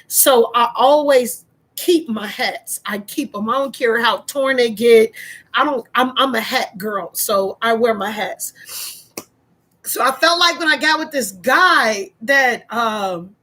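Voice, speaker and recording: A middle-aged woman telling a personal story in a vlog, speaking slowly and haltingly with many pauses and fillers. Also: a little high, a bit bright. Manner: emotional, fighting back tears. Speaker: vlogger.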